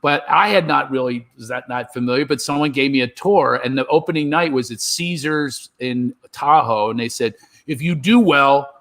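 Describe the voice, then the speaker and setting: A man telling a lively comedy anecdote on a video call, acting out other people's voices as he goes. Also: mid-range voice, moderate pace. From Philadelphia. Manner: animated storyteller, acts out voices. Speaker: comedian guest. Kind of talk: storytelling chat.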